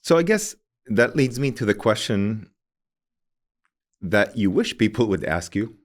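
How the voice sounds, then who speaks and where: A man's voice: fairly low pitch, very animated, a little slow. A male host from the USA asking interview questions, fumbling and rephrasing them as he goes.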